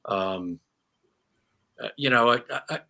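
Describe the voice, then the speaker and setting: This retired sportscaster, a middle-aged man, speaks in a mid-range, gravelly voice at a slightly slow pace. Sitting for a relaxed interview, he spins lively stories packed with fillers and frequent restarts.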